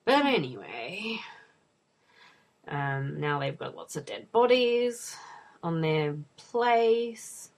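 A woman's voice: low voice, sing-song, drawn-out words. A woman giving casual commentary over a film, wry and swearing, slipping into muttered asides. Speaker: movie watch-along co-host.

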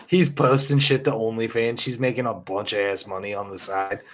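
A man's voice: lowish voice, a little slow. Laughing, profane young man chatting. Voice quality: loose and profane, laughs often. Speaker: gamer chatting with friends. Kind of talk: casual chat with laughter and swearing.

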